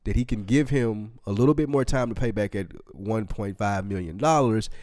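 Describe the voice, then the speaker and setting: A man's voice: lowish voice, normal speed, a little mellow, no room sound, studio quality. A man co-hosting a casual show recap, laid-back and slangy, retelling scenes with quoted lines. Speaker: podcast co-host.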